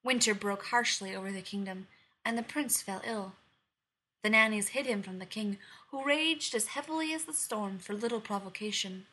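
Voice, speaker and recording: A woman narrating a dark fairy tale in a measured storytelling reading. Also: mid-range voice, slightly rough, rough recording.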